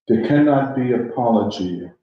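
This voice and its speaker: A man's voice: medium pitch, lively intonation, moderate pace, highs cut off. A man leading a political discussion, speaking emphatically and preacherly, throwing out rhetorical questions. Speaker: discussion leader. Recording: echoey room.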